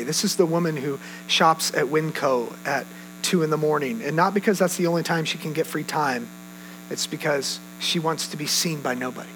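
High-voiced pastor, animated storytelling. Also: male voice, noisy background. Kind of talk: sermon.

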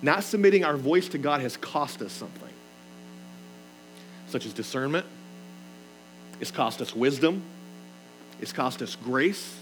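A man's voice: mid-range voice, lively intonation, measured pace, pauses often, music in the background, low-quality recording. A man preaching a sermon in an earnest, emphatic way, reading scripture aloud and explaining it. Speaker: pastor.

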